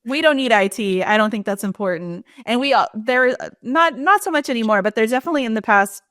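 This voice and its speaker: Animated woman retelling scenes. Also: quick pace, dry recording, studio quality. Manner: animated retelling, acts out quoted lines with big pitch jumps. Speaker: podcast co-host. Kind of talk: casual chat.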